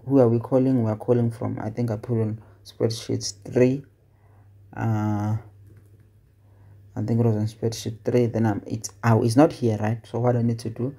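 Guy walking through excel formulas, low gravelly husky voice, thinks out loud as he goes. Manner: conversational, asks questions and answers them himself; thinks aloud with fillers and self-corrections. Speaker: Excel tutor. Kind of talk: casual screen-recorded tutorial.

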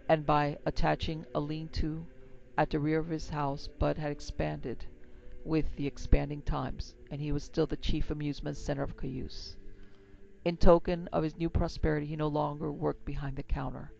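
A man narrating an old western story in a measured, steady reading. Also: fairly high pitch, creaky, dull audio.

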